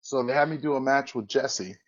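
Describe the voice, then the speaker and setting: Over dull audio, a podcast guest who once wrestled talks a little fast in a mid-range voice, rambling through a long anecdote in a relaxed interview. He backtracks to correct himself and acts out what others said.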